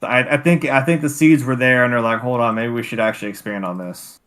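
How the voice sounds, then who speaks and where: A man talking on a casual film podcast, halting and restarting as he works his way toward a point. He swears offhandedly, and his voice is an ordinary mid-range male pitch. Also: steady tone, a bit bright. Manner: hesitant, meandering, swears casually. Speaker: podcast co-host. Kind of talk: casual chat.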